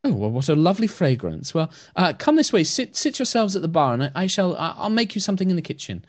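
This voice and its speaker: Man putting on a soft blind elf priestess. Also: high-pitched, big pitch swings, fast, no echo, voice pushed up. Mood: gentle. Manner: soft, gentle, hesitant.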